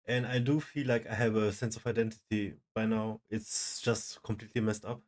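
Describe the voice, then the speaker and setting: Man, lowish voice, streamer reacting; short, personal, reflective remarks. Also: flat delivery, normal speed, darkish tone. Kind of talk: casual reaction commentary.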